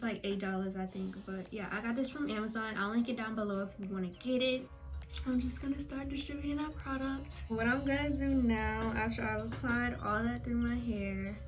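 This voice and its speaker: Chatty young woman vlogger, slightly high voice. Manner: chatty, talks straight to viewers. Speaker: beauty vlogger. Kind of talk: casual hair-care tutorial.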